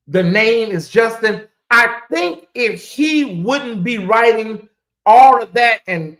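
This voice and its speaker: A woman's voice: mid-range voice, a bit bright. Woman rambling on a casual livestream. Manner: rambling, repeats phrases, talks to chat. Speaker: livestream host.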